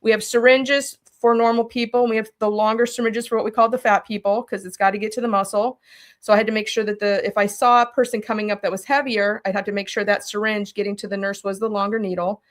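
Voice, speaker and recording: A woman telling a personal story as an interview guest, animated and speaking directly to her listeners. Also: mid-range voice, fast talker. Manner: animated, talks straight to listeners.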